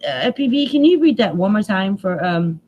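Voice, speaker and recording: A woman's voice: medium pitch, very animated, moderate pace, a little mellow, lo-fi sound. A middle-aged woman, mother of grown children, hosting a casual live stream, rambling, emotional and laughing often. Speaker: channel host.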